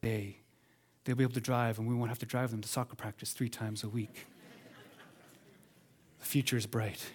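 A man preaching a sermon as pastor, swinging between loud emphatic lines and hushed ones, calling on the congregation to respond. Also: medium pitch, little pitch movement, normal speed, a little hiss or hum.

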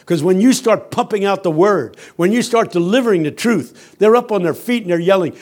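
A man giving a sermon as a guest preacher, telling humorous stories that build from quiet, earnest passages to loud, shouting ones. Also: high-pitched, lively intonation, moderate pace. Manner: humorous, teasing the audience.

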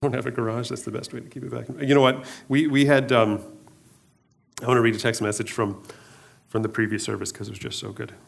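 Fast-talking and flat in delivery, a middle-aged pastor with a creaky, mid-range voice preaches in a casual, conversational way. He often restarts and repeats himself, with joking asides mixed in.

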